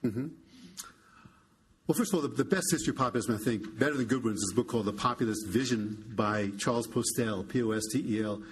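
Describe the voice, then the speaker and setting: An older American man, a historian guest, talking in a halting, wry way with many restarts. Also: mid-range voice, slight background noise. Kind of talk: conversational public interview.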